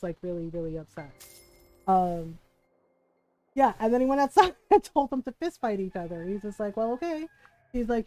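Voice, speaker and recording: A woman's voice: medium pitch, rough recording. A middle-aged woman streamer casually telling a long family story, rambling and acting out the people she quotes. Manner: rambling, quotes people in animated voices, frequent laughs.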